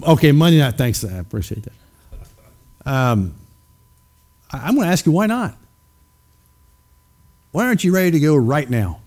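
A man's voice: fairly high pitch, very animated, moderate pace, pauses often, a little mellow. A man preaching a sermon, emphatic and questioning his congregation directly. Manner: acts out skeptics in mocking voices.

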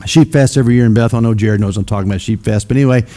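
A man's voice: fairly low pitch, rapid-fire, mellow. A middle-aged man from Missouri giving a folksy storytelling talk to a church audience, rambling and self-deprecating with many fillers.

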